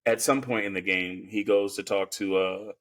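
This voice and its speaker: A man's voice: on the low side, fairly even intonation, normal speed, fairly bright tone. A man co-hosting a podcast, recapping a film in a rambling, casual way with lots of fillers. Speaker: podcast co-host. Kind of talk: casual film review chat.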